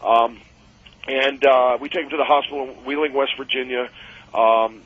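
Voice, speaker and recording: A man telling wrestling-road anecdotes on a radio call-in show, animated and acting out the voices of the people in his stories. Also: medium pitch, normal speed. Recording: dull lo-fi radio audio.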